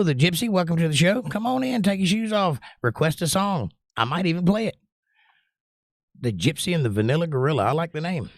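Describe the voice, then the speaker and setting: A man's voice: on the high side, no echo, clean studio sound. An older man hosting a music livestream, reading viewers' comments aloud in a casual, joking way. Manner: animated, reads chat aloud and jokes.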